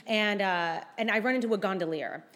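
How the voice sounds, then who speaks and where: Animated woman telling a comic story. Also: brisk. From United States. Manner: animated, acts out quotes with big pitch jumps. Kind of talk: storytelling to a live audience.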